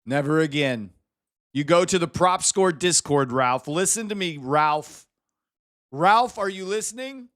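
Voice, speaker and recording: A man's voice: on the high side, lively intonation, a little slow, a bit bright, no echo, clean studio sound. A man hosting a live stream, teasing and mock-scolding a viewer in casual chat banter. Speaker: livestream host.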